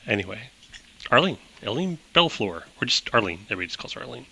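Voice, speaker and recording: Bright-voiced man running a tabletop game. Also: medium pitch, big pitch swings, fast talker, gravelly, husky, low-quality recording. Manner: chatty, laughs often, many fillers. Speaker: game master.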